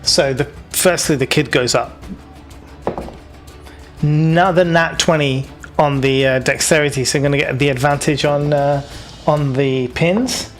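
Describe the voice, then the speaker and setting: A man's voice: a little high, fairly even intonation, a little slow, faint music behind. A man with a British accent running a tabletop game as game master, in a casual, chatty way with many fillers.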